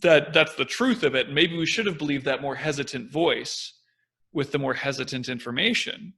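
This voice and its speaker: Bright, gravelly-voiced young man chatting. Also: mid-range voice, moderate pace. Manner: animated, acts out confident and hesitant voices. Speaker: podcast co-host. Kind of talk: casual discussion.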